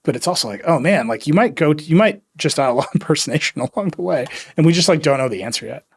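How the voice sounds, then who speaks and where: A male podcast host with a slightly higher voice, talking in a loose, rambling way about tech news. He is wry and drops in quick quoted asides. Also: lively intonation, husky. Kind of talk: casual tech chat.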